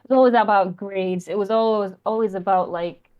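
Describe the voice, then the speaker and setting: A young woman phones into a talk show and speaks in a halting, unsure way. Her voice sits at a middle pitch, and her sentences keep restarting and trailing off. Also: fairly even intonation, dull audio. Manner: hesitant, halting, trails off often. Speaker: caller. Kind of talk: casual call-in chat. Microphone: voice call.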